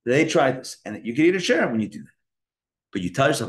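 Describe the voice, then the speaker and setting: A man's voice: a little high, very animated, fast, a bit bright. A man, a rabbi, giving a live Torah class and acting out inner dialogues in shifting voices.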